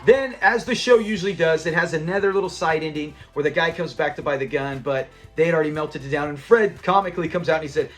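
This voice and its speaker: High-voiced man animatedly recapping a sitcom. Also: fast, hardly any pauses, soft background music. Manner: animated retelling, laughs often, acts out the characters' lines. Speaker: TV episode reviewer. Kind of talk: casual episode recap.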